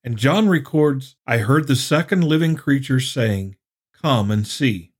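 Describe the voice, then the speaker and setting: A man giving a sermon-style Bible study, explaining scripture in a measured way and reading passages aloud. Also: medium pitch, lively intonation, husky. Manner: reads scripture aloud in a quoting voice. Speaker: Bible teacher.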